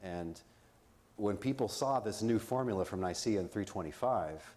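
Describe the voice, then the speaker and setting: A man's voice: fairly low pitch, moderate pace, a little mellow. A man giving an informal academic talk at a conference, explaining ideas in plain, conversational terms with asides and jokes. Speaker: conference speaker. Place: conference venue.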